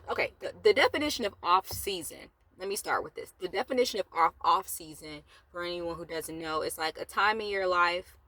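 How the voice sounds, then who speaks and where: A woman talks in a relaxed, chatty way from inside her parked car, a little low in pitch. She rambles between asides while keeping an encouraging motivational thread. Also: fairly quick, hardly any pauses, no echo. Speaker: motivational vlogger. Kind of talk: casual motivational talk.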